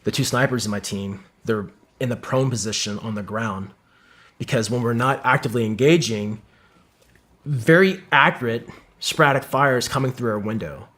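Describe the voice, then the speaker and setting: Speaking at a moderate pace in a medium, slightly bright voice, a man appears as a podcast guest to recount an intense combat story. He swears often and acts out his teammates' lines as he goes.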